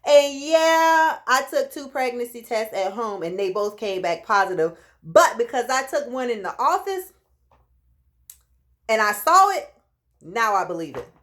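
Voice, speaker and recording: A woman in her late thirties telling a personal story in a casual vlog, lively and acting out what people said. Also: fairly high pitch, normal speed. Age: 30s. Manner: animated, acts out quoted voices. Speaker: vlogger.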